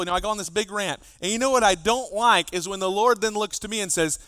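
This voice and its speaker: Lively, higher-voiced man preaching. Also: fast talker, few pauses, clear, resonant tone, no echo, clean studio sound. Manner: animated, acts out dialogue with his kids. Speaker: pastor. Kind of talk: sermon.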